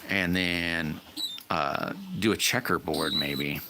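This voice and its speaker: A man's voice: deep voice, takes it slowly. A man hosting a livestream, chatting casually and folksily with viewers and greeting them by name. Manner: rambling and folksy, addresses chat by name. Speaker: livestream host. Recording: loud background noise.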